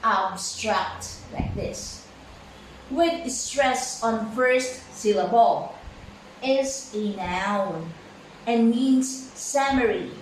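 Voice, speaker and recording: Slow woman teacher in an echoey room. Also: on the high side, darkish tone, recorded from a distance, a little hiss or hum. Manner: slow, halting, many fillers and repeated words. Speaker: English pronunciation teacher. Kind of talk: slow classroom lesson.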